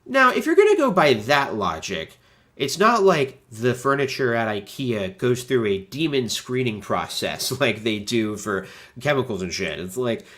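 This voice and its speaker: A man in his thirties from the United States with a stuffy nose, hosting a chatty, animated livestream. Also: mid-range voice, unhurried. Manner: chatty and animated, many fillers. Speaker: host. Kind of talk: casual livestream chat.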